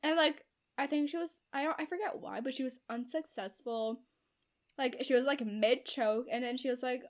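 Young woman, higher voice, breathless plot-recap energy, constant "like", acts out quotes. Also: fast talker. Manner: chatty, heavy use of "like" as filler; acts out characters' quoted lines. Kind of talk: casual chat retelling a novel's plot.

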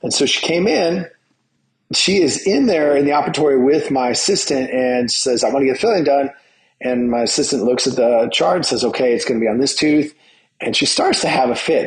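A man's voice: mid-range voice, animated, brisk, rough recording. A middle-aged man, a dentist hosting his own show, casually telling a story from his workday and acting out the dialogue. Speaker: dentist and podcast host.

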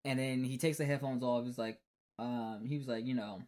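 A man's voice: mid-range voice, fairly even intonation, normal speed, a little mellow. A man co-hosting a casual movie recap, rambling as he acts out the characters' lines. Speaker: podcast co-host.

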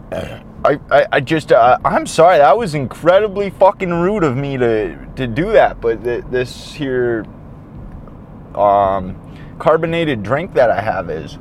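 A man's voice: sits high, slight background noise. A man in a car chatting casually to his viewers, rambling and swearing, often breaking off mid-sentence. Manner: rambling, profane, self-interrupting. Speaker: vlogger. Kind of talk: casual driving vlog chat. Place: in a car on city streets.

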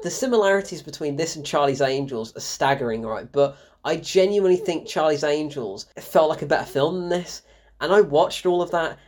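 Woman reviewer, low-ish voice, exasperated ranting with laughs. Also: darkish tone. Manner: exasperated, swearing, laughing in disbelief. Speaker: film reviewer.

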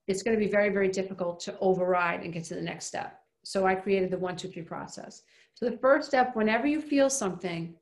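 A woman speaks in a mid-pitched voice with a noticeable gravelly fry. She gives an emphatic motivational talk, repeating her key points and throwing in rhetorical questions. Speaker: self-help speaker.

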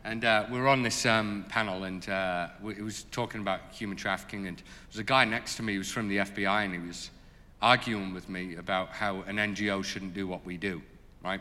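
A man telling stories in an interview as a charity leader, animated and full of fillers. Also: lowish voice, a little fast, in a large hall. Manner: animated, lots of fillers, laughs as he tells it. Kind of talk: storytelling in an interview.

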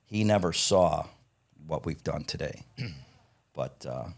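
Blunt, profane man with a husky low voice. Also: lively intonation, takes it slowly. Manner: blunt, profane, laughs while telling stories. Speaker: guest, parts company founder. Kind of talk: casual storytelling interview.

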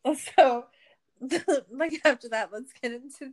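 A woman's voice: high-pitched, unhurried. A young woman co-hosting a podcast in casual chat, laughing often, swearing and ranting sarcastically. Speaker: podcast co-host.

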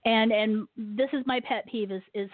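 A woman's voice: a little high, steady tone, moderate pace, dry recording. A woman hosting a talk radio show, ranting animatedly about her pet peeves and laughing often. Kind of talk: casual radio talk with a guest. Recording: tinny phone-line sound, dry.

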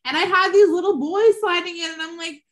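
A woman's voice: very high-pitched, fairly quick. A woman in her thirties co-hosting a podcast, chatting frankly and casually and swearing now and then. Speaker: podcast co-host. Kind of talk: casual chat.

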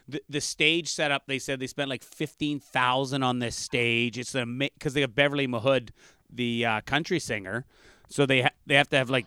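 Bright, crisp-voiced comedian. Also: male voice, mid-range voice, dry recording, clean studio sound. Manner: rambling, animated storytelling with restarts. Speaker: comedian guest. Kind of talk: casual storytelling chat.

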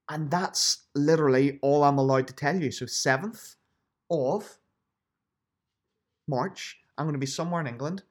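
A man hosting a solo podcast, running through upcoming events in a chatty, promotional way and stressing dates and places. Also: medium pitch. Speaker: podcast host and fitness instructor.

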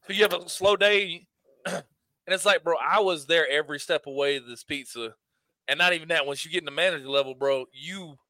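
Guy ranting about customers, swears a lot, punchy bright voice, pretty dry mic. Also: fairly high pitch, a little fast, no echo. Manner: profane, animated storytelling. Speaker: podcast co-host. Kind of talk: casual chat.

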